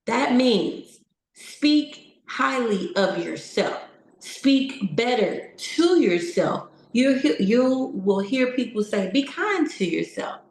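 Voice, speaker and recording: Woman, motivational speaker, unhurried, encouraging, roomy echo. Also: a little high, lively intonation, a little mellow. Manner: encouraging, conversational, asks many questions. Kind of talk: motivational talk to a live audience.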